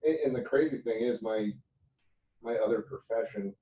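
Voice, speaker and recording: Trainee brief: mid-pitched man, hesitant, faint room noise, distant roomy sound. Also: normal speed, lo-fi sound. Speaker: sales trainee. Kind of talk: role-play practice call.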